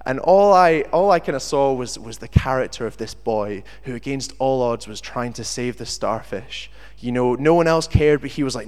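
A man's voice: medium pitch, brisk, hardly any pauses, clear, resonant tone. Man preaching in a reverberant hall. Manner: animated storyteller who acts out quotes. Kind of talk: sermon with personal storytelling. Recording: long reverb of a large hall.

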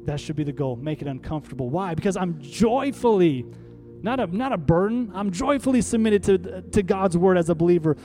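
Brisk and animated, a pastor preaches in a high, warm voice. He guides the congregation through call-and-response toward emphatic, rallying climaxes, faint music audible behind him.

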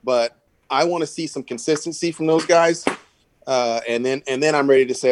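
A man's voice: mid-range voice, brisk, a little hiss or hum. A man co-hosting a casual sports podcast, opinionated, leaning on "I think" and lots of fillers. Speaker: podcast co-host.

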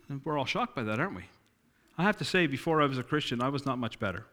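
A man's voice: mid-range voice, lively intonation, fairly quick, long pauses, fairly bright tone. Man preaching a sermon. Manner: storytelling, acting out quoted dialogue, emphatic.

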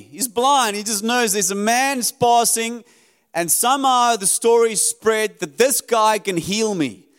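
A man preaching a sermon in an earnest, emphatic way, his voice rising high and dropping low as he drives his points home. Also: expressive, slow pace, pauses often, a bit bright, clean tone. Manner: earnest, emphatic preaching that rises and drops sharply. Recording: long hall reverb.

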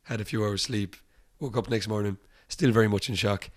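He speaks fairly quickly in a lowish voice: a musician from Ireland recounting casual anecdotes on an interview. He impersonates the people he quotes and laughs a great deal.

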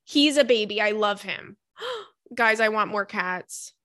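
A woman's voice: mid-range voice, a little slow, fairly bright tone, no echo, studio quality. A young adult woman hosting a podcast, chatting casually and animatedly, with casual swearing. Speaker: podcast host. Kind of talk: casual chat.

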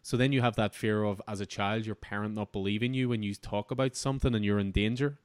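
A man's voice: fairly low pitch, steady tone, fast talker, clear, resonant tone, no room sound, studio quality. A man hosting a comic book podcast, talking through an issue in an enthusiastic, rambling way with frequent restarts. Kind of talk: casual review chat.

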